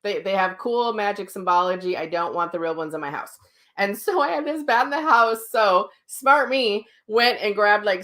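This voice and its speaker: A woman teaching a live online class as a psychic medium, who tells stories animatedly, laughs often and answers viewer comments, speaking into a livestream mic at home. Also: mid-range voice. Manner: chatty, animated, laughs while telling stories. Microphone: livestream mic, sound sometimes cutting out.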